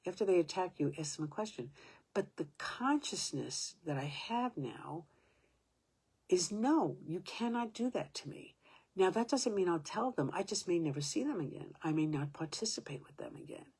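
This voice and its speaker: Husky low-voiced woman in her seventies. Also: lively intonation, a little mellow. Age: 70s. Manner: halting, restarting sentences, sometimes dropping to a whisper. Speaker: storyteller. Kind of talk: personal storytelling monologue.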